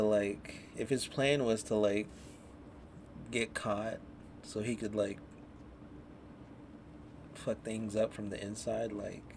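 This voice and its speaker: A man casually reviewing shows on a podcast, rambling with heavy swearing and lots of fillers. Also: fairly low pitch. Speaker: podcast host. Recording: noisy background.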